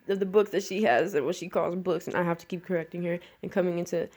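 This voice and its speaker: A woman's voice: lowish voice, fairly even intonation, fast, a little mellow. A woman in an earnest, rambling spiritual monologue, speaking straight to the camera.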